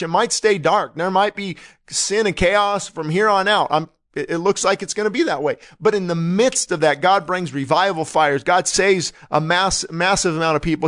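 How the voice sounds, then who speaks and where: A man preaching a sermon, his voice sitting a little high for a man. He talks in an earnest, urgent manner, driving his points home with repeated pleas. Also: fairly bright tone. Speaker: pastor.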